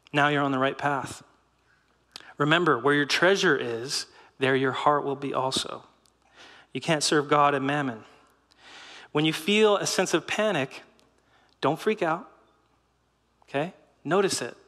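A middle-aged man giving a sermon in a lively, conversational way, with rhetorical questions and short laughs. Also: a little high, a little slow, pauses often, long reverb tail. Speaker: pastor.

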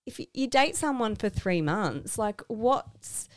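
A woman's voice: on the high side, slow, no echo, studio quality. A woman in her thirties co-hosting a podcast, chatting casually and acting out quoted voices as she tells stories. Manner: animated storyteller, acts out quoted voices. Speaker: podcast co-host. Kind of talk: casual chat.

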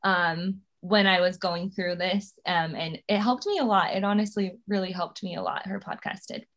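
A woman's voice: mid-range voice, moderate pace, fairly bright tone. Chatty woman guest, candid and upbeat. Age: 30s. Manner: chatty and candid, laughs often. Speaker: podcast guest. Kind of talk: casual interview chat.

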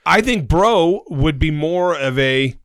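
Older male podcast co-host, blunt and profane, slightly high voice, dry sound. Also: expressive, a bit bright, clean tone, dry recording. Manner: blunt, profane, drawn-out emphasis. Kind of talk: crude casual chat.

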